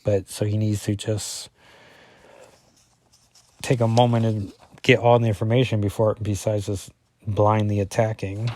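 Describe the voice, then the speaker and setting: A man's voice: fairly low pitch, level tone, measured pace, long pauses, dark tone, no echo. A man casually talking through a comic book issue as a reviewer, rambling and correcting himself often with lots of fillers.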